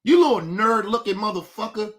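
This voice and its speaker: High-pitched, profane ranting man. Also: lively intonation, brisk. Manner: profane, combative, taunting. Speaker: host. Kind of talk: livestream commentary rant.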